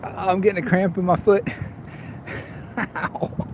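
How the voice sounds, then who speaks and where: His voice sits high, with fairly even intonation and a slow pace. Riding his bike through town with an action camera on him, this vlogger and bike shop owner streams live, rambling, laughing a lot, and making fun of himself as traffic passes by on the streets.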